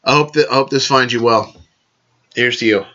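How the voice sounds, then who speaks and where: A man's voice: mid-range voice, moderate pace, sharp tone, muffled recording. A man hosting a casual vlog, rambling along, correcting himself and raising toasts to his listeners. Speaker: podcast host.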